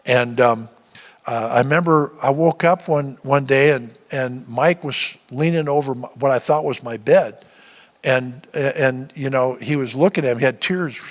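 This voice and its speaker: Older man giving halting testimony. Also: medium pitch. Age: 70s. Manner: halting storytelling with many restarts. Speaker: guest speaker, veteran. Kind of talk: personal testimony sermon. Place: church sanctuary. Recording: long church-hall reverb.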